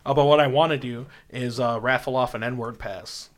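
A man hosting a comedy podcast, chatting casually in a deadpan joking way, with now and then a loud mock bit. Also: medium pitch, moderate pace. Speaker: podcast host.

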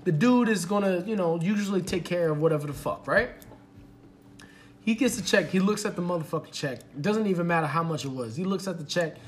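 A man's voice: sits high, brisk. A man on a podcast, casually retelling a story with lots of swearing and laughter. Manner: profane, laughing, animated retelling. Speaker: podcast co-host.

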